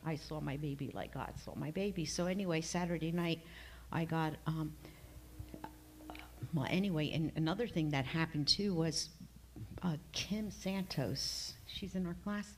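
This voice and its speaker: Middle-aged woman, low-pitched, giving a halting church testimony over faint room noise. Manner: rambling, halting, with many fillers and restarts. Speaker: class member giving a testimony. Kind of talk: emotional personal testimony. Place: church classroom.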